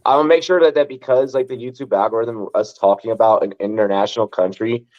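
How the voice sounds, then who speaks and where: A man's voice: lowish voice, steady tone, fast, darkish tone. A man hosting a casual sports talk show, blunt and swearing often. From United States. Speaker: podcast host. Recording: dull lo-fi mic.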